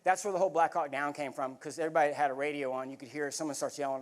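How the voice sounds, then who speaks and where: Middle-aged male keynote speaker, fairly high voice, animated storyteller. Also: racing. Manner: vivid, animated storytelling with bursts of laughter. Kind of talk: storytelling talk to a live audience.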